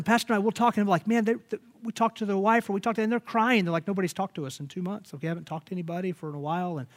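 A pastor with a slightly high voice delivers a sermon in an animated, emphatic way, frequently restarting his phrases.

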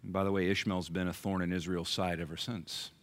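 A man's voice: deep voice, level tone, fairly quick. A male pastor preaching a sermon, telling stories dramatically, acting out voices and asking the congregation questions.

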